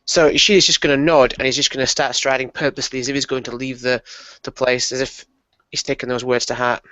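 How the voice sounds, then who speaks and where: A man describing his character in a tabletop game, halting and restarting often. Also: medium pitch, level tone, bright, forceful tone, no room sound. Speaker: player. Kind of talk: casual tabletop game talk. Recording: dry, muffled recording.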